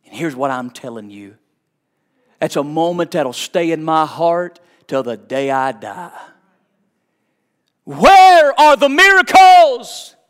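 A middle-aged man, a pastor preaching a sermon with personal stories, fervent and swinging from hushed tones to shouts. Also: medium pitch, animated, unhurried. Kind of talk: sermon with storytelling.

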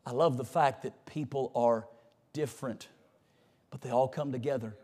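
A man preaching a sermon to his church, folksy and conversational, swinging between loud emphatic lines and hushed asides. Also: mid-range voice, steady tone, normal speed. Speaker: pastor. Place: church sanctuary.

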